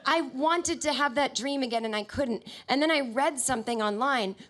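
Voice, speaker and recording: A woman comedian tells a rambling, self-deprecating story on a small stage, speaking into a handheld mic. Her voice sits a little high, and she breaks into sudden shouty bursts. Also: normal speed. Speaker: stand-up comedian. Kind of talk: stand-up storytelling. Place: small stage in a comic book shop.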